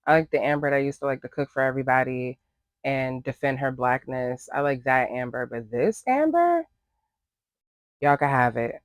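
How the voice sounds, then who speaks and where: A man giving opinionated reality TV recap commentary in a sassy, animated way. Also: moderate pace, dry recording. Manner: sassy, animated, acts out quotes in higher voices.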